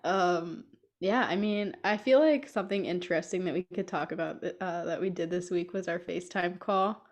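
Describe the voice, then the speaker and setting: Chatting casually on a podcast she co-hosts from home, a young woman laughs often while telling stories, a cat in the room with her. She has a lowish voice and speaks at a moderate pace.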